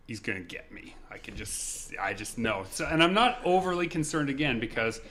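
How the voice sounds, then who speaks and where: Podcast co-host, male, bright tone, lively storyteller who acts out the voices. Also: medium pitch, moderate pace, slight background noise. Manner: animated, acts out shouted lines. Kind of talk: casual storytelling.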